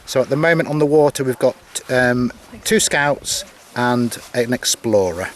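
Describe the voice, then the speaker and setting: A man with an average pitch answers questions as a scout leader. He explains things step by step in a plain, matter-of-fact way. He sounds relaxed and informative. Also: unhurried, a little hiss or hum. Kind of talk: casual interview answers.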